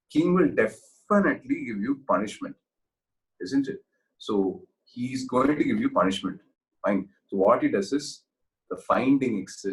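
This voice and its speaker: Husky male teacher. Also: on the low side. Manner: storytelling with frequent check-ins. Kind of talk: online exam-prep lecture.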